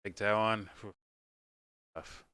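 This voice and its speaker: A man's voice: on the low side, steady tone, slow, sharp tone, clear, resonant tone, no echo. A man hosting a casual livestream, reacting and chatting in a rambling, giggly, profane way. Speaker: livestream host.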